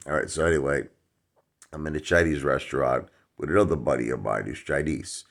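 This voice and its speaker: A man's voice: rumbling low, a little fast, a bit bright. A middle-aged man telling a comic anecdote in a rambling way, full of fillers, acting out the quotes. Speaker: storyteller.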